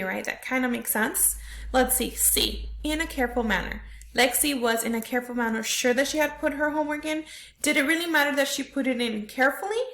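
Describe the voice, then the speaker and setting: A woman's voice: fairly high pitch, vocal fry, fairly bright tone. A woman teacher walking young students through a reading lesson step by step, often checking in with "right?". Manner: explains step by step, tags questions with "right?". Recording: roomy echo.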